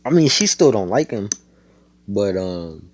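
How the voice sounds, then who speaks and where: A young man with a very deep, low voice spins a fan story off the cuff. He rambles, swears freely and breaks off into laid-back asides. The delivery is casual and unscripted. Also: sing-song, a little slow, darkish tone, dry recording.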